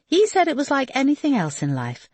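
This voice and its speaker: A woman's voice: high-pitched, wildly swooping pitch, dry recording, voice pushed up. A woman voicing a poised, capable young woman. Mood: polite. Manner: polite, brisk.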